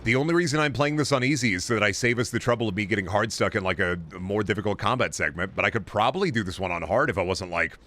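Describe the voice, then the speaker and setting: A man's voice: on the low side, racing, hardly any pauses, a bit bright. A man streaming a shooter game, talking to his chat in a profane, blunt and mocking way. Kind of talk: casual game commentary to chat.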